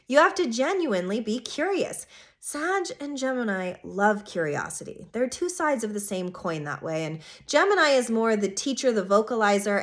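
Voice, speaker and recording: A woman astrologer giving a casual weekly forecast, talking straight to her viewers with emphatic, animated delivery that sometimes drops to a soft hush. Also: medium pitch.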